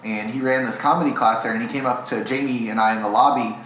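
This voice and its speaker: A man's voice: medium pitch, fairly even intonation, quick pace, a bit bright, a little hiss or hum. A young adult man, a stand-up comedian and guest in an interview, telling rambling, self-deprecating stories in a casual way. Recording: echoey room.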